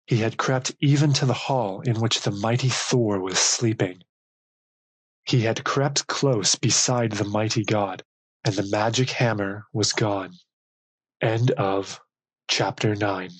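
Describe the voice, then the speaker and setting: A man reads an audiobook of legends in slow, measured phrases. His voice is lowish and husky, recorded dry and close. The pace is unhurried and deliberate throughout. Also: no room sound, rough recording. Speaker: audiobook narrator. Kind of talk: scripted storybook narration.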